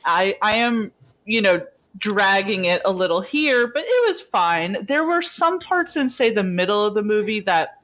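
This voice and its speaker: A woman's voice: mid-range voice, big pitch swings, measured pace, a bit bright, dull audio. A woman guest reviewing a film, talking candidly and laughing easily in casual chat.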